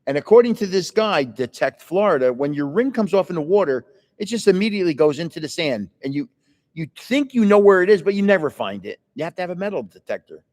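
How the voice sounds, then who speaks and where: A man's voice: high voice, very animated, fast talker, darkish tone, big-room sound. An older man hosting a casual livestream, telling rambling stories in a chatty, meandering way, indoors. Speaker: livestream host. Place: indoors, in a building with another floor.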